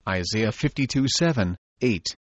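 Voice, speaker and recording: A man reading an old religious treatise aloud, in slow and deliberate phrases with pauses. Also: fairly low pitch, expressive, no room sound. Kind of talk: measured reading of a sermon text.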